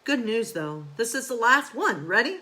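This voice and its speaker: A woman's voice: a little high, sing-song, moderate pace, sharp tone, voice pushed up. A woman reading aloud as a silly, perky female beautician who puts on a falsely sympathetic tone.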